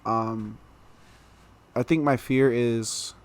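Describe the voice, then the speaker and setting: A young man telling a story as a podcast guest in a casual, animated way, laughing through the funny parts. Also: mid-range voice, extremely slow.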